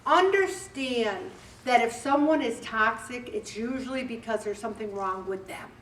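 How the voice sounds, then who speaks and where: Woman in her seventies, slightly high voice, chatty direct group talk, distant mic, roomy echo. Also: lively intonation, moderate pace. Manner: chatty and direct, acts out little conversations. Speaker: group leader speaking to a weight loss group. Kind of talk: casual motivational talk. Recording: roomy, distant, faint background hum.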